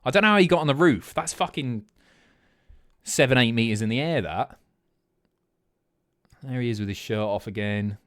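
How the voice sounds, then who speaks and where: Lively, swearing male streamer. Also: medium pitch, moderate pace, pauses often. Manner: animated, swears a lot. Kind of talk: casual reaction commentary.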